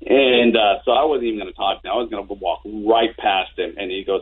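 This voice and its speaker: Guy in his 50s telling stories over a tinny phone line, kinda husky and low. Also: brisk, few pauses. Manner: animated anecdotes with frequent restarts. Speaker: interview guest. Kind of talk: casual storytelling. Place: home office.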